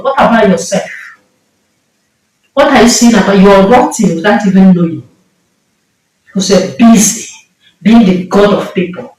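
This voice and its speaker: A woman's voice: mid-range voice, a little mellow. A woman with a Nigerian accent preaching a sermon with impassioned, emphatic delivery and repeated phrases. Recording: echoey room, mic far off.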